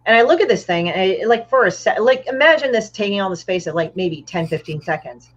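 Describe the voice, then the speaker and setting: A woman's voice: mid-range voice, expressive, fairly quick, highs cut off. A woman guest telling stories in casual chat, blunt and profane, over a video call. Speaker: guest comic artist.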